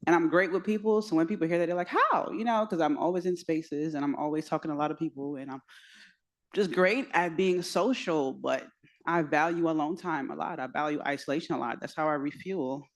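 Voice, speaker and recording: A woman speaking candidly but a little awkwardly to a dinner group, growing softer as she reflects. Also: low-pitched, a little fast. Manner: self-conscious, candid, softening to near whisper. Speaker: dinner guest.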